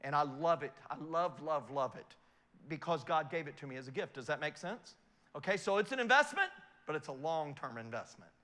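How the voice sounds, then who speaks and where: Middle-aged male speaker, animated storyteller, high ringing voice, keeps checking in with the crowd. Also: fairly quick, big-room sound. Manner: animated storyteller, asks the audience questions. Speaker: investment speaker. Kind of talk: motivational talk to an audience.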